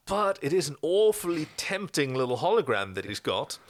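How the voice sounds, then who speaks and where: Animated man recapping a TV episode. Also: fairly high pitch, normal speed, noisy background. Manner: animated, acts out quotes. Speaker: podcast co-host. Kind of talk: casual chat recapping an episode.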